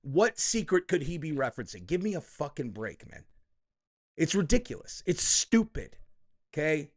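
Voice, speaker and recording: A man's voice: fairly high pitch, very animated, moderate pace. Combative, foul-mouthed man ranting. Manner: profane and combative, keeps tagging "okay?" and "dude". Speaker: political commentary host. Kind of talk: heated political commentary.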